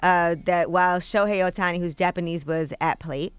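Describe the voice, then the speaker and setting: A radio co-host delivering news items briskly in a morning show discussion. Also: medium pitch, fairly even intonation, background noise. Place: radio studio.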